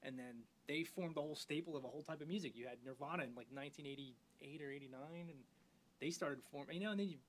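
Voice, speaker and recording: A man co-hosting a casual live podcast chat, joking around and breaking into loud singing and impressions. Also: fairly high pitch, quick pace, a little hiss or hum. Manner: jokey, bursts into loud off-key singing and impressions. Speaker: podcast co-host.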